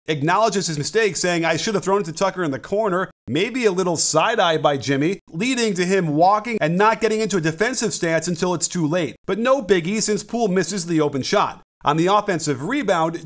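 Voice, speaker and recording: A middle-aged man hosting a basketball video, narrating a wry breakdown of game footage with joking asides. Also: high-pitched. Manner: wry, joking play-by-play analysis. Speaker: basketball analyst and host.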